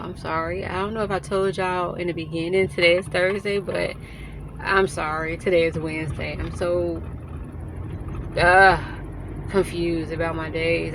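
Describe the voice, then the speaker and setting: Chatty woman vlogging from a car. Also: lowish voice. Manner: chatty, addresses viewers as y'all. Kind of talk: casual vlog chat. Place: in a car, then at a restaurant. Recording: loud road noise from a moving car. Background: car and traffic noise.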